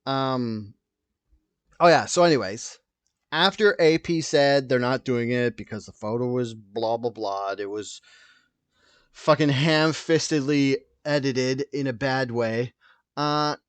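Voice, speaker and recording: A man's voice: mid-range voice, measured pace, clean tone, no echo. Rambling, profane man hosting a podcast. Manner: rambling, tangent-prone, profane; loud and wired from coffee. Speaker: podcast host. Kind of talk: solo podcast rant.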